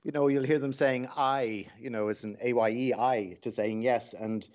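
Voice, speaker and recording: A man working as a voice coach, explaining things in a measured way during a phone-in radio interview. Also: medium pitch, fairly even intonation, a little mellow. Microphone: phone line. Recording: dull phone-line sound.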